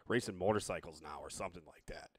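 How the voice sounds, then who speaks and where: A man hosting a casual interview, rambling and halting, self-deprecating. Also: deep voice, a bit bright, breathy edge, dry recording. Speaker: host, drummer.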